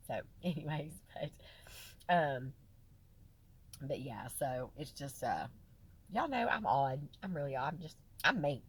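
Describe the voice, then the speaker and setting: A woman's voice: sits low, huge pitch swings, moderate pace, long pauses, slightly rough. A woman vlogging casually to her followers, chatty and folksy, often swinging between laughing and tearful. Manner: chatty, folksy, lots of fillers and "y'all". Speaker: vlogger sharing her health journey. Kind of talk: casual direct-to-camera chat.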